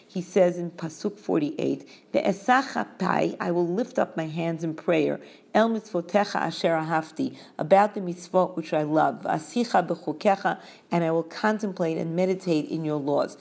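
A woman giving a verse-by-verse scripture lesson, reading each verse in Hebrew and then explaining it in a measured way. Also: fairly low pitch, gravelly, darkish tone. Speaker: Torah teacher.

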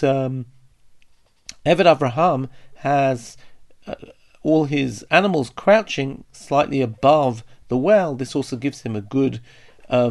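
A man giving a Bible study lesson, reading verses aloud and then translating and explaining them in a thoughtful way, with pauses and small restarts. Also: medium pitch, creaky, a little mellow. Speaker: Bible teacher.

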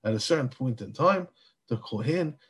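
A man giving a Torah class in a lively, animated way. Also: mid-range voice, moderate pace, slightly rough. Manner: animated, acts out biblical dialogue. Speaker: Torah teacher.

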